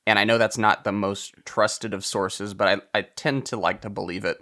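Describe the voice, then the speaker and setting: A man's voice: fairly low pitch, steady tone, normal speed. Chatty man hosting a podcast. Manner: chatty, steers the discussion, trails off softly. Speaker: podcast host. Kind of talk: casual chat.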